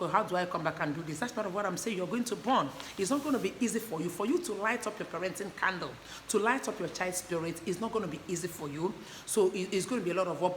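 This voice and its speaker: A woman teaching parents in an earnest, repetitive way, often asking her listeners whether they understand. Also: medium pitch. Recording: echoey room with faint background noise.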